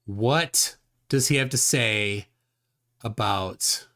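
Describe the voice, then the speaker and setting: On this livestream, the male host speaks with a lowish voice and a sharp tone. He reads through viewers' comments in an unhurried, halting manner, chatting casually and leaning on many fillers.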